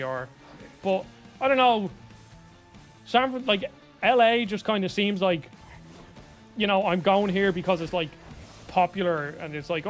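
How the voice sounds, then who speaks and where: Chatty high-voiced Irish man. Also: fairly bright tone. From Ireland. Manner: chatty, rambling, answers viewers by name. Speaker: streamer reading chat. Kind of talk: casual live stream chat.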